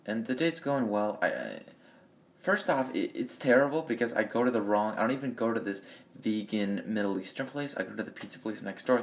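A man's voice: fairly low pitch, vocal fry. A man ranting bluntly and profanely in a rambling monologue, recorded on a phone in an echoey room. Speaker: vlogger.

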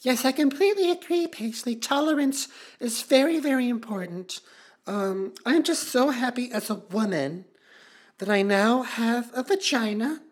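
A performer playing a prim female talk-show host who is secretly an older man, talking slowly and then blowing up into shrieking rage. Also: extremely high pitch, animated. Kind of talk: comedy sketch acting.

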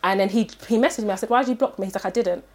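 A woman, animatedly telling a story in casual chat and acting out the people in it. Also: very fast. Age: 30s. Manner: animated, acts out quotes in high voices.

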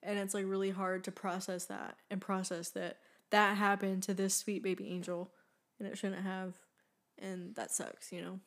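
A woman's voice: mid-range voice, level tone, normal speed, a bit bright. A woman in her twenties co-hosting a podcast, talking earnestly in a chatty way with many fillers and frequent laughs. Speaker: podcast co-host. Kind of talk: casual chat.

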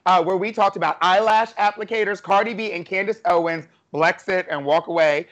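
A man's voice: high-pitched, a little fast, a bit bright. A man hosting a podcast, chatting casually in a playful, teasing way. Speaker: podcast host. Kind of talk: casual chat.

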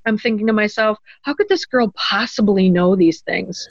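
A woman's voice: medium pitch, moderate pace, vocal fry, dry recording, muffled recording. A woman telling an emotional personal story as an interview guest, earnest and at times tearful, lifting her voice when she quotes others. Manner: earnest, tearful at moments, quoting others in a lifted voice.

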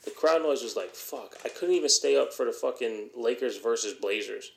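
A man's voice: mid-range voice, expressive, normal speed, gravelly, slight background noise. A man hosting a solo podcast, ranting bluntly and heatedly, swearing often. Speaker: podcast host.

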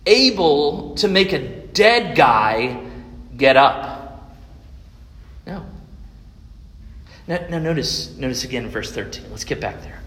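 A male preacher delivers a sermon in a fairly high voice, pausing for effect and firing rhetorical questions at the listeners. The sound is roomy, with a long reverb trailing off the walls of a church hall. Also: a bit bright. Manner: dramatic pauses and rhetorical questions to the congregation.

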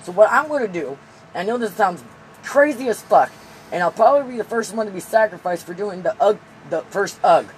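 A man with a high-pitched voice chatting casually on a podcast, rambling through profane jokes and riffs. There is a faint hiss of background noise under his voice. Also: expressive, brisk, low-quality recording. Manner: loose, profane, rambling and joking. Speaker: podcast co-host. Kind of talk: casual chat.

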